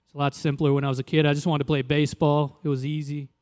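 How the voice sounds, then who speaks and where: Performing stand-up at a live comedy venue, a young adult man from Louisiana keeps his set loose and conversational, jumping into animated quoted voices. He talks fast in a slightly high voice, and the room leaves a long reverb tail.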